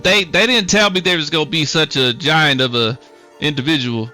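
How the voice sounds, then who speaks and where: A man's voice: a little high, normal speed, bright, forceful tone, soft background music, voice pushed up. A man voicing a chatty, easygoing local truck driver who rambles and apologizes in a folksy way.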